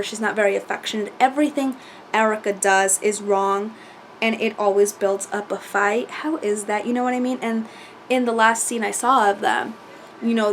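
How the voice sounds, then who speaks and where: A woman chatting casually as she recaps a reality show, animated and full of fillers and quoted asides. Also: mid-range voice, a little hiss or hum.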